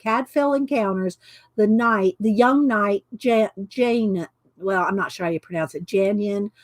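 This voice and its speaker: A woman hosting her channel chats casually on a livestream while reading cards aloud, stumbling over names along the way. Her voice is medium-pitched, with no room sound.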